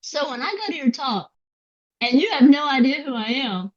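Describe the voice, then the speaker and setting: A woman guest on a podcast, chatting and telling stories in a casual, quick way with soft asides. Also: high voice, animated, highs cut off. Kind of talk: casual interview chat.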